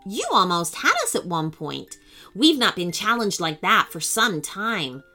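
A woman's voice: fairly low pitch, big pitch swings, unhurried, faint music behind, heavily acted. A woman voicing a kindly young knight in a children's story, speaking in a soothing, reassuring manner. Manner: soothing, warm-hearted delivery.

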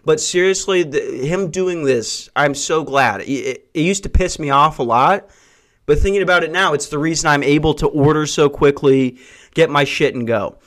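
A young man with a fairly high voice is on a profane comic tirade. He sounds exasperated and keeps slipping into mocking impressions of other people. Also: moderate pace, a bit bright. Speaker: podcast host. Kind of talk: comedic rant.

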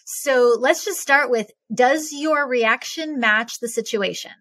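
A woman speaking as a podcast guest, explaining in an emphatic, animated and blunt way. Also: high-pitched, slow pace, no room sound. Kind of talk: conversational explaining.

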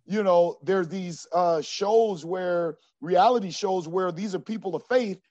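A middle-aged man coach telling an earnest story of faith in an interview, lively at times and often dropping to a low quiet voice. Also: unhurried, no room sound. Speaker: basketball coach. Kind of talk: personal faith testimony in an interview. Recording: dry, slightly dull sound.

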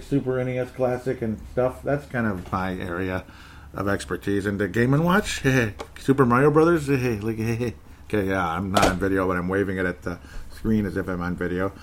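A man hosting a sports podcast in casual chat, rambling, chuckling often and correcting himself as he reads listener comments. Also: mid-range voice.

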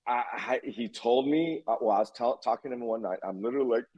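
In a casual interview, a man in his fifties tells his own story as a guest, animated and freely swearing while he acts out what people said. He talks fast at a medium pitch, and the audio sounds dull.

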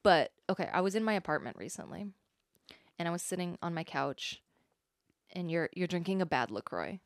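A woman's voice: lowish voice, lively intonation, normal speed, no room sound, studio quality. A woman co-hosting a podcast, joking wryly with a friend and drawing out her lines. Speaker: podcast co-host. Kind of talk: casual banter between friends.

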